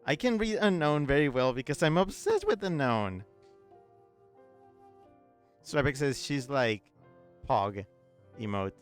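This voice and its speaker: A man's voice: medium pitch, sing-song, unhurried, long pauses, clear, resonant tone, soft background music. A man casually commenting on his gameplay with playful, goofy asides. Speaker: streamer.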